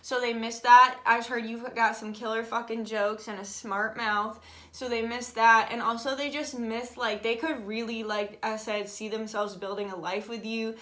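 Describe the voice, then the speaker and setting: A young woman giving a casual tarot reading, chatty and animated, swearing freely. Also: fairly high pitch, moderate pace. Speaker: tarot reader.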